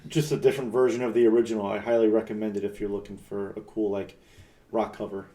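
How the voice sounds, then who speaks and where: A man's voice: fairly low pitch, flat delivery, fast talker, dark tone. A man co-hosting a podcast, chatting enthusiastically about holiday songs, often restarting his sentences. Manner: chatty, enthusiastic, repeats words when starting sentences. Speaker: podcast co-host. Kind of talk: casual chat about music.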